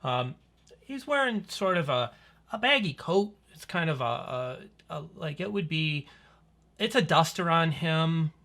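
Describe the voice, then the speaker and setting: A man's voice: on the high side, animated, unhurried, sharp tone. A man describing his tabletop character, hesitant with many fillers. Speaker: player.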